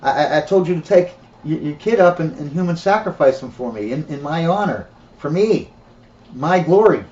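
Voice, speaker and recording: A man's voice: fairly high pitch, expressive, moderate pace, darkish tone, natural voice. A man voicing a demanding male voice that claims to be God and scolds in casual slang. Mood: scolding. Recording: dull, roomy recording.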